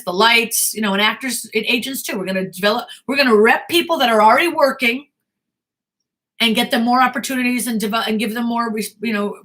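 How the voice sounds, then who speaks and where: Blunt, bright-voiced American woman coach. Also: on the high side. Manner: blunt, emphatic, animated advice-giving. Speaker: talent manager and acting coach. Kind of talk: live Q&A talk to actors.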